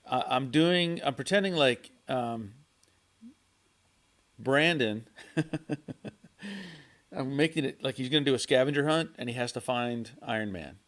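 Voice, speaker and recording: A man hosting a casual livestream from his garage, reading viewer chat and answering in a halting way, repeating words and chuckling often. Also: medium pitch, lively intonation, fairly bright tone. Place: home garage.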